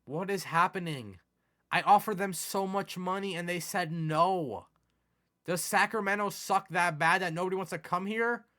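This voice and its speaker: A young man giving casual commentary over a sports video game, excitable and quick to turn exasperated. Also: sits high. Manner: excitable, swings from mumbling to exasperated yelling. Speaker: gaming commentator.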